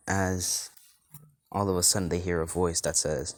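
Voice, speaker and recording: A man's voice: low-pitched, fairly even intonation, normal speed, no room sound. A man casually narrating a fan-made story in a rambling, loose way full of fillers.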